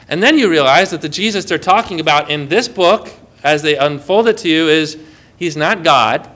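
A man preaching a sermon, lively and emphatic, asking the congregation questions. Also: high-pitched, moderate pace.

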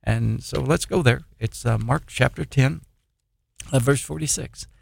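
A man giving an informal sermon on his own program, reading scripture haltingly and pressing listeners with repeated questions. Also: mid-range voice, vocal fry, slightly rough, no echo. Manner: halting, restarts and "uh" while reading verses, then urgent repeated questions.

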